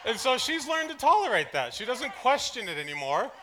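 A man preaching a sermon to a church congregation, telling personal anecdotes in an animated way, dropping to soft asides and then rising into loud excited bursts. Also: very high voice, a little fast. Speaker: pastor. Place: church service.

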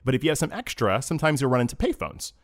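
A man in casual group chat, telling a long story with halting restarts and acted-out lines of dialogue, moved close to tears. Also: mid-range voice, sing-song. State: emotional, near tears.

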